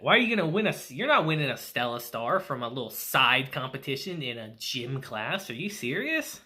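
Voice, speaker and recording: A man's voice: mid-range voice, big pitch swings, fairly quick, sharp tone, pitched below the performer's own voice. A man voicing a stern older male teacher who scolds in disbelief. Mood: incredulous.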